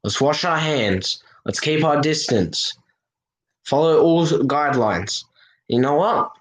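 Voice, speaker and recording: A man's voice: on the high side, expressive, slow, rough recording. Earnest man, reassuring. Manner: earnest, reassuring, full of "you know" fillers. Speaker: livestream host. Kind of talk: casual livestream chat to viewers.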